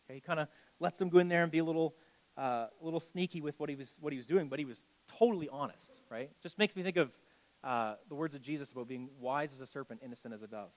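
A man's voice: fairly high pitch, fast talker, poor audio. A man preaching as a pastor, reading scripture and breaking off into conversational asides with lots of "like" and "okay".

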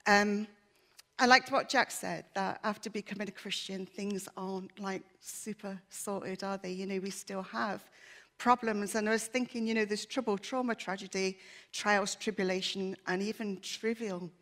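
A woman's voice: medium pitch, fairly even intonation, moderate pace, a bit bright. A woman giving an earnest, emotional personal testimony in church, her voice shaky at times. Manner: earnest, emotional, with many fillers.

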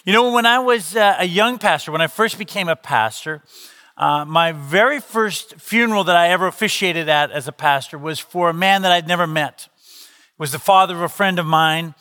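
A middle-aged man, the lead pastor, preaching an Easter sermon in a conversational, animated storytelling way with quoted dialogue. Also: high voice, normal speed, long reverb tail.

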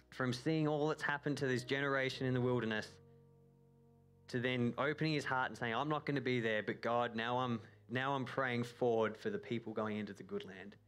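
A man's voice: medium pitch, fairly bright tone. A man preaching a sermon, earnest and urging, reading scripture and voicing prayers aloud.

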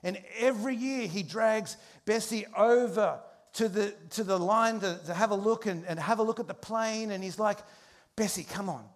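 A pastor with a notably high voice for a man. He preaches in a lively storytelling manner, speeding up and slowing down as he goes. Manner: animated storyteller, shifting pace and loudness. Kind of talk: sermon with a humorous story.

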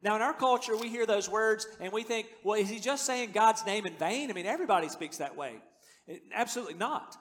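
A man in his fifties preaches with a high voice that rings out through a large hall. He talks earnestly and conversationally, then builds to emphatic declarations. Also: animated, a little fast, fairly bright tone. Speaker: pastor. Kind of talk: sermon. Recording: long reverb of a large hall.

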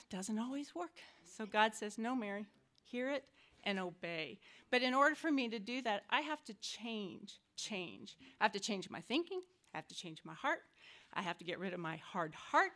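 A woman's voice: mid-range voice, moderate pace. A woman giving a personal scripture reflection to a church group, telling the stories emphatically and with animation. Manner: emphatic, animated storytelling, acts out quotes. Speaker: church member sharing a reflection.

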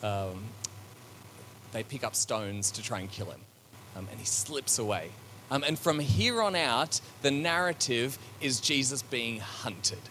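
A man delivering a church sermon in an easygoing, conversational way, stopping to think with ums and doubled words. His voice sits at an ordinary middle pitch. Faint background noise is audible under his speech. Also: lively intonation, unhurried, bright, forceful tone. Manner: conversational, with many fillers and restarts; reflective and searching. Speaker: preacher.

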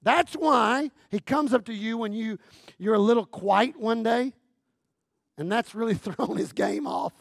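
A man preaching a sermon as guest pastor, talking in a humorous, conversational way with lots of repetition, going from loud emphatic lines down to near-quiet phrases. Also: sits high, unhurried, gravelly, dry recording, studio quality. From Texas.

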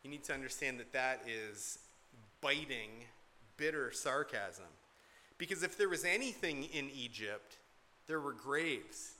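Bright, forceful male preacher. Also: medium pitch, animated, measured pace, a little hiss or hum. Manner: earnest, emphatic, repeats key points. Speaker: pastor. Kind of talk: expository sermon.

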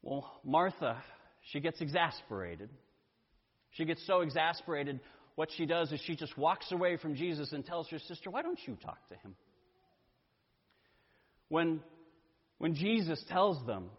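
A male pastor preaching a sermon in a deliberate way, with dramatic pauses. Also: a little high, slightly rough. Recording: dull sound with long church reverb.

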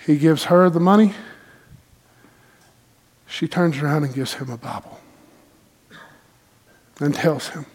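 Folksy pastor, slightly high voice. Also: male voice, breathy edge. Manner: folksy, animated storytelling with dramatic pauses. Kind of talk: sermon storytelling.

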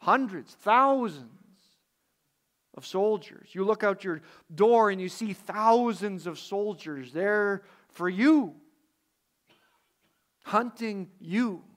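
A man's voice: high-pitched, takes it slowly, hardly any pauses. A man preaching a sermon, reflective, asking his listeners rhetorical questions.

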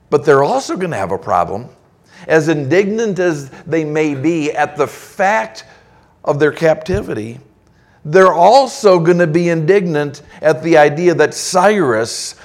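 A man's voice: a little high, expressive, a little slow. A man preaching a sermon, reading scripture aloud and acting out God's replies and the people's complaints. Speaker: pastor.

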